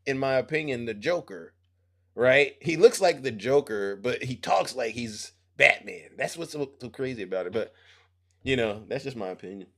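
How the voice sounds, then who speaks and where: A man co-hosting a casual political chat, joking and animated, stumbling and repeating words. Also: mid-range voice, normal speed, vocal fry. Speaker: co-host.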